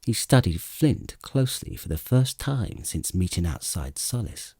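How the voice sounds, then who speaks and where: Deep, husky male audiobook narrator. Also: a little slow, hardly any pauses, dry recording, clean studio sound. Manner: expressive storytelling.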